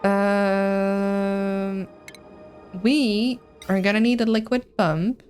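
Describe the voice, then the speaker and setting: A woman streaming a video game live, chatting in an excitable, rambling way with a mixed accent that is hard to place. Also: mid-range voice, extremely slow, clear, resonant tone, soft background music. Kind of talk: live gameplay commentary, reading chat.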